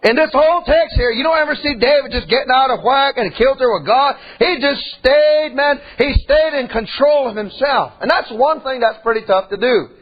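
A man's voice: very high-pitched, normal speed, hardly any pauses, husky, muffled recording. A male pastor preaching a sermon in a folksy, conversational way, often dropping in "man" and "amen".

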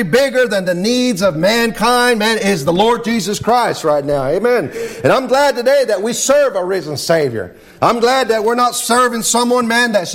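High-voiced man preaching with fervor. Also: fairly bright tone. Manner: fervent preaching with repeated amens. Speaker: pastor. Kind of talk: sermon.

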